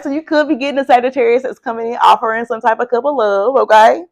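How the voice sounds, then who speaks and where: Woman tarot reader, casual and fired-up, swears freely; middle-pitched voice. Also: fast talker. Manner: excitable, emphatic and heavily profane. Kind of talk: casual tarot card reading.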